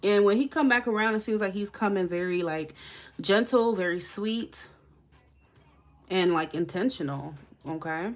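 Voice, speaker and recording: A woman's voice: mid-range voice, normal speed. Chatty woman giving tarot readings. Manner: chatty, laughing, addresses viewers as y'all. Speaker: tarot reader. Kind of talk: live-stream tarot reading.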